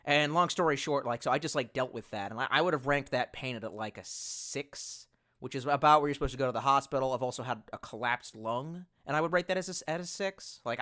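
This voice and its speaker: A man's voice: medium pitch, bright, forceful tone. A man chatting casually on a live stream, reading out chat messages in a rambling way and swearing a lot.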